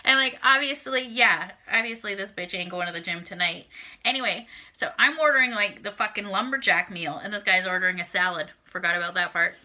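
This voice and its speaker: A woman's voice: fairly low pitch, a little fast, pushed and bright. A woman, telling a dating story to camera in a blunt, profane, casual way. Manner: blunt, heavily profane, acts out her own reactions. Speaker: vlogger.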